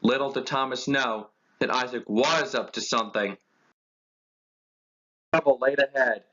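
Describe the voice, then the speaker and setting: A man's voice: medium pitch, a little slow, a bit bright. A man reading a scripted storybook tale in a plain narrating manner, in a dull lo-fi recording.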